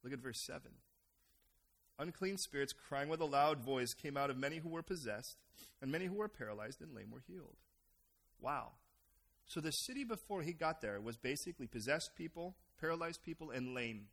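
Middle-aged American male pastor, lively sermon delivery, high and bright. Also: moderate pace, vocal fry. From United States. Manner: animated, acts out voices of others.

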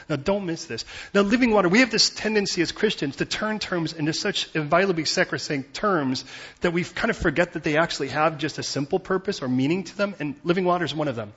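A man preaching a sermon in a conversational, animated way, acting out the voices of biblical figures as he goes. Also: fairly high pitch, fast, slightly rough. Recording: dull lo-fi recording.

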